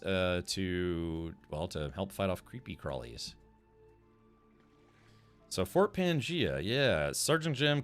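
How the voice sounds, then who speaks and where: A man's voice: lowish voice, a bit bright. A man streaming a video game live, chatting casually, rambling and restarting sentences and answering chat as he plays.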